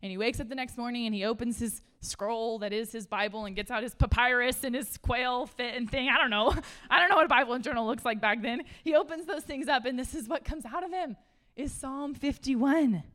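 A woman's voice: on the high side, a little fast. Chatty woman preaching a casual sermon. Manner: chatty and animated, laughs often, says "like" a lot. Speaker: speaker at a church gathering. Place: room full of listeners.

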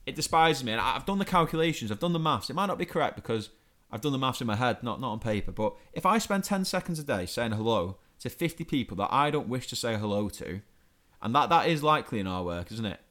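A man's voice: mid-range voice, animated, fast talker, hardly any pauses, a bit bright. A young man co-hosting a podcast, ranting in exasperation and stumbling over repeated words. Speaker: podcast co-host. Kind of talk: casual comedic rant.

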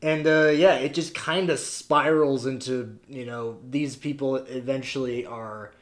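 A man in the middle of the usual pitch range co-hosts a relaxed film review chat. He wanders through his points with plenty of "um"s and "like"s and breaks into short laughs. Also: unhurried. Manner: rambling, lots of fillers and laughs. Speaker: podcast co-host.

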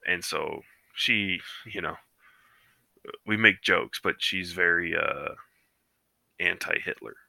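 A man's voice: low-pitched, slow, vocal fry, pauses often, pushed and bright, no echo. A man co-hosting a casual podcast, rambling through stories with lots of fillers and acting out what people said. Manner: rambling storyteller with many fillers, acts out quotes. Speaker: podcast co-host. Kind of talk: casual chat. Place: living room couch.

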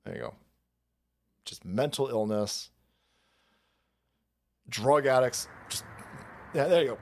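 Man, from California, livestream commentator, profane rant, mocking laughs, lively swooping pitch. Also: takes it slowly, long pauses, a little hiss or hum. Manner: swearing, laughing, animated and mocking.

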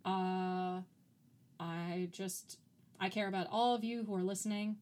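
A woman's voice: mid-range voice, fairly even intonation, unhurried, a little mellow. A woman co-hosting a podcast in casual chat, talking loosely with lots of "like" fillers and easy laughs. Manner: chatty, frequent "like" fillers, laughs easily. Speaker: podcast co-host.

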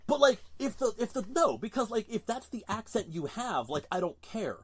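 A man's voice: high-pitched, very animated, normal speed, breathy edge. A man co-hosting a casual podcast, ranting in an exasperated, emphatic way. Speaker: podcast co-host.

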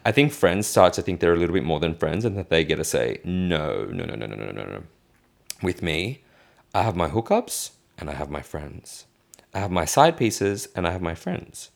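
Deep gravelly-voiced man venting. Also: sing-song, normal speed. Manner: venting, indignant, swears freely. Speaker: vlogger. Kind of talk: casual vlog rant.

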